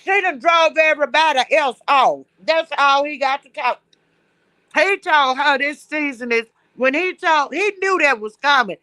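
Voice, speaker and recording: A woman's voice: sits high, sharp tone, dry recording. A woman calling into a livestream, gossiping in a blunt, salty way. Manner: blunt, salty, fast storytelling. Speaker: guest caller. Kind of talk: casual gossip chat.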